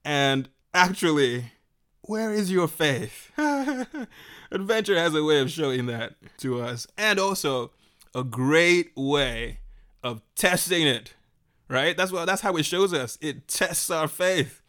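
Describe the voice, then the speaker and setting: Lively, bright-voiced man retelling a Bible story. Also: a little high, slow pace. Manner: animated, laughs often, acts out voices.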